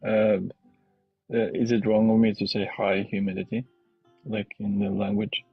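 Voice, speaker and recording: Husky man asking questions. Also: fairly low pitch, little pitch movement, normal speed, no room sound, narrow, tinny audio, soft background music. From Norway. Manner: curious, asks many questions. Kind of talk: casual live-stream chat.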